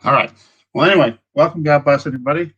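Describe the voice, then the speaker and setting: A man hosting a casual livestream, rambling as he checks his audio, greets viewers by name and often clears his throat. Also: fairly high pitch, fast, fairly bright tone, highs cut off. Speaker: livestream host.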